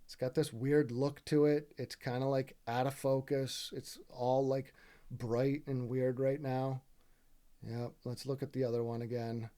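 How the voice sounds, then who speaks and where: A man's voice: mid-range voice, little pitch movement, a little slow, warm tone. A man giving casual, exasperated commentary over gameplay footage, swearing freely and asking "right?" often. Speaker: gaming video creator.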